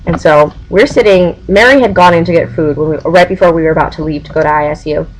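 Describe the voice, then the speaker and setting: A woman's voice: sits low, fast talker, a little hiss or hum, poor audio. A young adult woman, a team captain, talking casually to her webcam in a rambling, giggly way. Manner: chatty and rambling, with giggles and voiced-out quotes.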